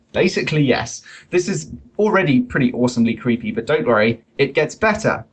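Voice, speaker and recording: Husky-voiced man hosting a comic podcast. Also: medium pitch, expressive, brisk, poor audio. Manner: wry, pun-loving, reads study quotes aloud. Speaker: podcast host.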